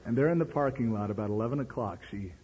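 A man preaching a sermon in a conversational, animated way. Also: quick pace, a little hiss or hum. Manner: animated, conversational preaching with sudden pitch jumps. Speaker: pastor. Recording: long hall reverb.

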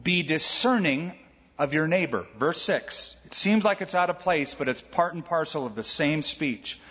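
A male pastor preaching with a husky, slightly raised voice, telling stories and driving home his points emphatically. His voice rings with the long reverb of a large church. The sound is a little dull and muffled. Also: a little high, animated, moderate pace, fairly bright tone. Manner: storytelling, emphatic, conversational. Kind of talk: sermon. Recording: echoey hall, dull sound.

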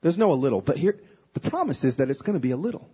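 High, husky man preaching. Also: big pitch swings, racing, muffled recording. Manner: emotional personal storytelling, swinging from hushed to loud and pleading. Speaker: guest speaker. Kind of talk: sermon.

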